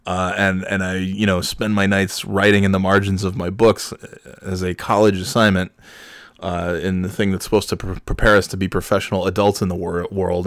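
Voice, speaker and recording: A man's voice: deep voice, no echo. Rambling man telling a story, dry sound. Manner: rambling, profane, self-correcting and exasperated. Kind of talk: casual storytelling monologue.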